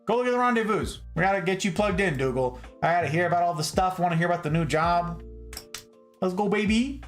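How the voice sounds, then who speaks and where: A man hosting a late-night livestream from home, chatting playfully and warmly with his viewers and talking straight to them. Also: high-pitched, fast, soft background music. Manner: playful, animated, talks straight to chat. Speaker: livestream host.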